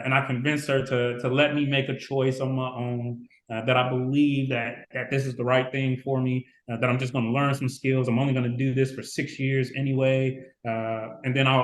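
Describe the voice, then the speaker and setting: A man in his forties from Chicago, telling stories as a podcast guest and acting out the people he quotes. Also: medium pitch. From Chicago, USA. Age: 40s. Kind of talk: casual storytelling interview. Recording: roomy echo.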